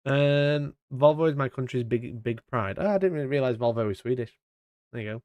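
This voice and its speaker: A British man hosting a casual live stream, chatty and mock-indignant, talking into a boom-arm mic. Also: fairly quick, darkish tone, no echo, muffled recording. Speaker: streamer host. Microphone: studio mic on boom arm.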